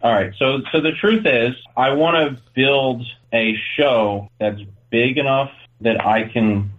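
A man's voice: medium pitch, slow, phone-quality sound. A man hosting a podcast in casual chat, rambling and swearing loosely. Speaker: podcast host.

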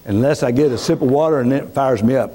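A pastor preaching a sermon with passion, swinging from raised, urgent lines to hushed, low prayer, repeating and restarting words as he builds. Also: quick pace, noisy background.

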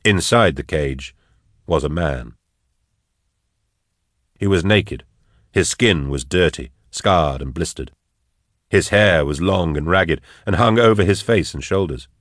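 A man narrating an audiobook in a measured, dramatic way. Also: low voice, lively intonation, fairly bright tone, no echo, studio quality.

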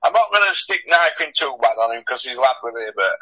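A man with a husky voice, ranting bluntly about boxing in casual radio chat, swearing and scoffing. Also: mid-range voice, expressive, brisk, sharp tone, highs cut off. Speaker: boxing pundit.

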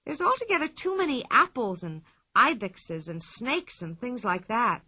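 A cheeky, chattering little girl spins tall tales in a bright, lively voice that jumps around in pitch, as a woman reading the story puts her on. The sound is dry and close. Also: a little slow, breathy edge, no echo, full character voice. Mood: chatty. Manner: excited and boastful, higher and louder. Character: bold chattering young girl, boastful and cheeky.

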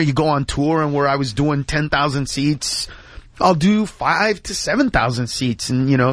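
A man in casual radio studio chat, telling animated stories and acting out the people in them. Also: fairly high pitch, dry recording. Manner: animated storyteller, acts out quoted voices.

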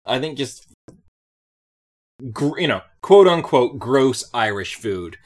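Low-voiced, lively woman podcaster. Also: slow pace. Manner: animated, laughs often, jumps high when excited. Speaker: podcast co-host. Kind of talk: casual chat reviewing a cartoon.

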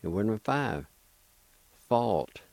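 A man hosting a radio language lesson, speaking deliberately and spelling out words syllable by syllable. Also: on the low side, expressive, gravelly, darkish tone, no room sound. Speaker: radio host teaching a language.

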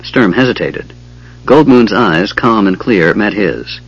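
Male narrator, low husky voice, measured dramatic fantasy storytelling, dull lo-fi recording. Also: lively intonation. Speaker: audiobook narrator. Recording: dull lo-fi audiobook audio.

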